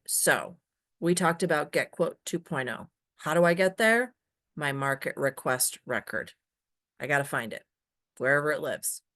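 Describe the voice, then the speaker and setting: A woman training users in a software webinar, emphatic and often checking in with "right?". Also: low voice.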